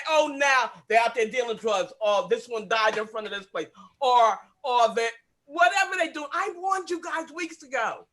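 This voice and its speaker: High, bright-voiced man, visibly upset, insistent speaker at a public meeting. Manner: emotional, insistent, repeats himself. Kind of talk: impassioned remarks at an online meeting.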